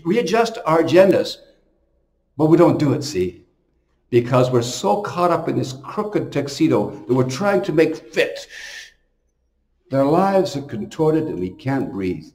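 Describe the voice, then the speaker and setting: A man's voice: fairly high pitch, a little mellow, reverberant. A man preaching as a priest, telling stories and stressing his points with sudden emphatic bursts. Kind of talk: homily to camera.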